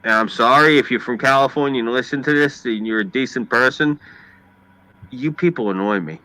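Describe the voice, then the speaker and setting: A man's voice: medium pitch, brisk, poor audio. A man with a New York accent, ranting and swearing in casual chat as a stream host. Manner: ranting, profane, animated storytelling.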